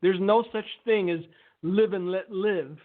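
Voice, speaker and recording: Male ministry host, high pitch, earnest and emphatic, phone-quality audio. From Romania. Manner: earnest, emphatic, with pauses and restarts. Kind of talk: preaching commentary, reading a testimony aloud.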